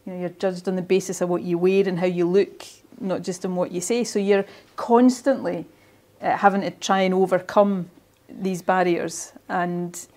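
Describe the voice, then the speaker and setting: A woman's voice: fairly low pitch, steady tone, moderate pace, few pauses, a little mellow. A Scottish woman in her forties, earnest and encouraging, giving a motivational talk to young players and often restarting phrases. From Ayrshire, Scotland. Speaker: guest speaker.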